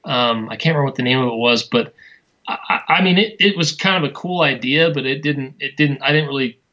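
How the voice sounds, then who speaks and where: Man, enthusiastic, halting, casual chat, forceful voice. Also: mid-range voice, dull audio.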